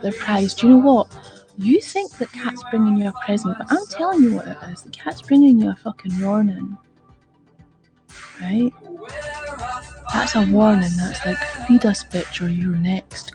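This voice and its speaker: A woman's voice: fairly high pitch, dark tone. A middle-aged woman, telling a comic story on a casual livestream and swearing freely. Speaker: livestream host.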